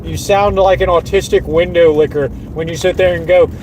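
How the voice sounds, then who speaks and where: Furious high-voiced man ranting. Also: fairly even intonation, brisk, hardly any pauses, a little mellow, slight background noise, low-quality recording. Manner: furious, profane and repetitive. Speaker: streamer. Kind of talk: angry livestream rant.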